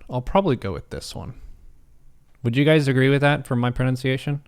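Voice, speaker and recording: A man's voice: medium pitch, fairly quick. Young American man streaming casually. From United States. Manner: casual, reads questions aloud, jokes and swears. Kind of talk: live-streamed quiz commentary.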